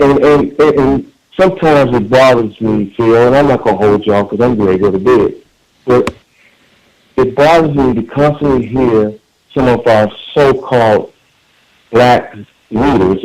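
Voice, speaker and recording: A man's voice: lowish voice, a little mellow, poor audio. A man calling in to a radio talk show, speaking in an earnest, emphatic way with frequent repeated words and restarts. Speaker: caller.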